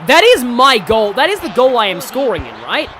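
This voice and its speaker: A game streamer giving excitable live commentary, often yelling at the game and wandering into chatty asides with lots of fillers. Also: medium pitch, moderate pace, a little hiss or hum. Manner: excitable, talks to the game, yells at big moments; rambling asides with many fillers. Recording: game music playing loud under the voice. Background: game music.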